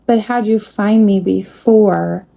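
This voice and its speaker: A female psychic medium, mid-range in voice and with vocal fry, talks softly through a spirit communication session and pauses to address a presence no one can see.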